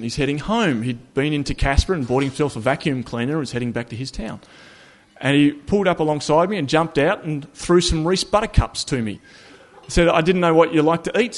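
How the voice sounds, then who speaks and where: A man telling a personal story about a long walk in a relaxed, conversational way, with wry humor and small self-corrections. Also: on the high side. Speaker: speaker recounting a long walk.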